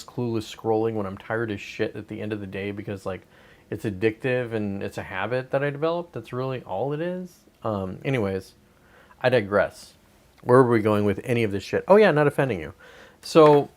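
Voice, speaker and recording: A man in his forties hosting a livestream, talking in a loose, rambling, profane way and mocking complainers. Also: darkish tone. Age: 40s. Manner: profane, digressive, mocks whiners in high whiny voices. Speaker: livestream host. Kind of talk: casual rambling livestream chat.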